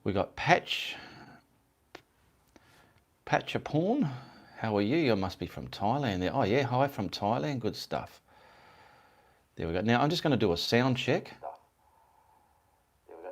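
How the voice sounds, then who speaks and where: A man's voice: mid-range voice, lively intonation, measured pace, pauses often. An Australian man from Perth hosting a casual live stream, rambling and greeting viewers by name. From Perth, Western Australia. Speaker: livestream host and artist.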